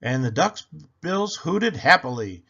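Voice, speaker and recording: Man reading a storybook aloud, very slow, bright, muffled lo-fi recording. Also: a little high, big pitch swings, gravelly, husky. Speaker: children's book reader. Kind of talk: reading a picture book aloud.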